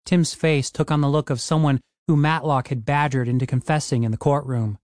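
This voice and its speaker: A man narrating a comic fantasy audiobook in a wry, lively storytelling manner. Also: mid-range voice, brisk, hardly any pauses, no echo, clean studio sound.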